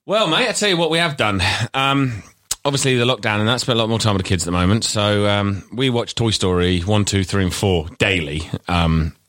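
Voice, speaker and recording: A man's voice: on the low side, fairly quick, fairly bright tone, dry recording, clean studio sound. A man co-hosting a podcast, chatting casually in a jokey, self-deprecating way and cutting in often. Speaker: podcast co-host. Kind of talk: casual chat.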